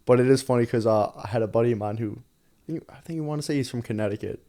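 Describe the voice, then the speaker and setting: A young man with a New York accent, a podcast guest telling stories in casual, animated chat with lots of swearing. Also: mid-range voice. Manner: rapid, animated storytelling with frequent swearing and laughter.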